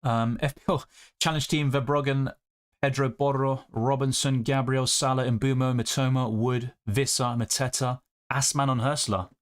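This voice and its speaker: A man's voice: mid-range voice, fairly even intonation, moderate pace. A man, hosting a live stream and chatting through viewer questions and comments. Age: 20s. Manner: chatty, reads viewer comments aloud and answers them. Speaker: fantasy football streamer.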